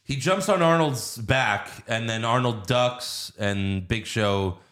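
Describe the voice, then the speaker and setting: A man casually retelling a movie plot, animated and quick to laugh. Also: medium pitch. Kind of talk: casual movie recap chat.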